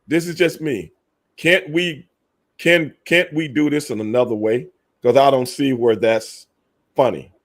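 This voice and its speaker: A podcast co-host with a mid-range voice and fairly even intonation speaks unhurriedly, yet argues emphatically in a casual debate. He swears a lot and repeats his points.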